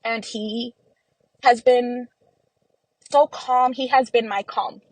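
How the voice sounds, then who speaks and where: A woman's voice: fairly high pitch, steady tone, slow, dry recording, low-quality recording. Young woman retelling a painful family loss. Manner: recounts events by acting out quoted dialogue, many fillers. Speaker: guest. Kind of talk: emotional personal storytelling.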